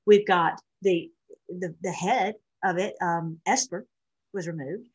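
A woman's voice: fairly low pitch, fairly even intonation, slow pace, husky, lo-fi sound. A middle-aged woman rambling through casual commentary as she reads posts aloud, with many restarts and fillers. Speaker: online show host.

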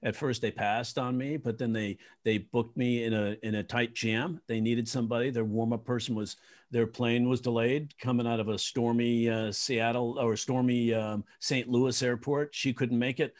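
A man from New York, a comedian guest telling rambling, animated stories with many fillers. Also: mid-range voice, moderate pace. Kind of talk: casual storytelling.

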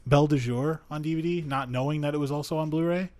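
A man's voice: fairly high pitch, quick pace, a little mellow. A man co-hosting a casual film podcast, teasing his friends and swearing offhandedly. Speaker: podcast co-host.

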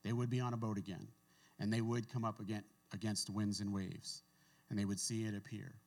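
A man with a fairly low voice delivers a casual sermon. He talks in a conversational way, reading scripture aloud and breaking off into offhand asides. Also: level tone, fairly quick, a little mellow. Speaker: pastor.

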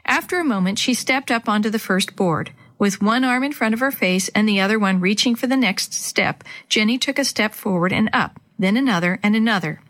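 Reading aloud from a children's chapter book, this gentle storyteller addresses young listeners with clear, warm, steady delivery. Her mid-range voice moves fairly quickly, with few pauses.

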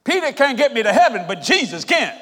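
A high-pitched man preaches a sermon in a church sanctuary. He drops to low murmurs, then climbs to shouted calls to the congregation. His voice rings through a hall with a long reverb tail. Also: very animated, fairly quick.

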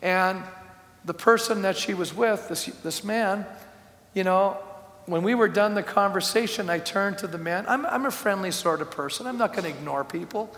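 A man's voice: sits high, moderate pace, fairly bright tone. A man preaching a sermon as pastor, telling a story and quoting the people in it, then building to emphatic declarations. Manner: storytelling, quotes others, rising to emphatic declarations. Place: church hall. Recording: echoey hall, long reverb.

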